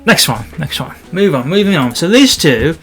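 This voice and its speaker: A man talking casually about his landscape photographs in a vlog, halting and restarting often with small self-deprecating asides. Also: a little high, big pitch swings, a bit bright, faint music behind.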